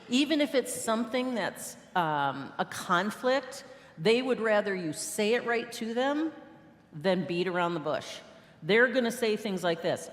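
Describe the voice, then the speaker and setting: A woman giving a sermon, lively and laughing, acting out the voices she quotes. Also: medium pitch, a little slow. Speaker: guest speaker. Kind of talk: sermon with banter. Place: church sanctuary. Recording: long church hall reverb.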